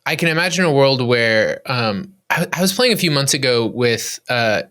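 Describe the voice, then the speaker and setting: Bright-voiced man asking curious, searching questions. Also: medium pitch, animated, normal speed. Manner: curious, thinking out loud with long searching questions. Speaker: podcast host. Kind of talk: conversational interview.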